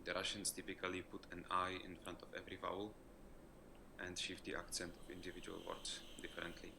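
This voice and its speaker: Czech-accented man, very deep and gravelly, explaining carefully; noisy video recording. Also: completely flat delivery. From Czech Republic. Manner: deliberate, explanatory. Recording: noisy old online video.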